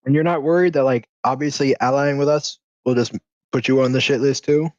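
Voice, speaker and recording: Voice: mid-range voice, steady tone, a little fast, no echo. A player in a tabletop game, teasing and casual with slang. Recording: dull, dry lo-fi mic.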